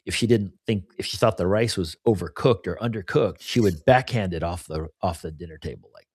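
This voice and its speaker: A middle-aged man with a lowish voice speaks openly and confessionally on a casual podcast. He rambles, leaning on "you know" and "right?". The sound is dry and close, with no room echo. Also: brisk, a little mellow, husky. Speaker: podcast co-host.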